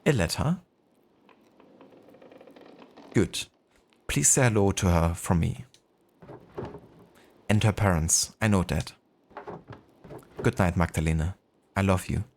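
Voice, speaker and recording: A man with a German accent voicing a gentle, regretful older father, reading game dialogue aloud slowly and softly. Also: sits low, a little hiss or hum. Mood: tender.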